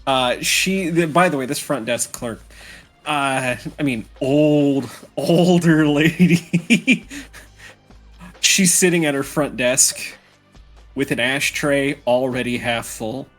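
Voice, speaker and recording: A man narrating a tabletop game as game master, slow and halting with many fillers. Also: medium pitch, fairly bright tone, soft background music.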